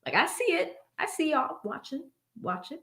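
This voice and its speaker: A woman's voice: high voice, sing-song, normal speed, sharp tone. A woman hosting a casual livestream from a home studio, chatting, laughing often and thanking viewers by name as she reads their messages. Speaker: livestream host reading superchats. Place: home studio with blue backlight.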